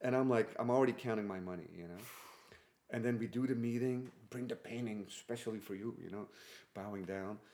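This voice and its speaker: A man's voice: fairly low pitch, brisk. A man speaking English as a second language, telling stories in a casual conversation and acting out what people said. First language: not English. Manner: animated storyteller who acts out quotes. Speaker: guest.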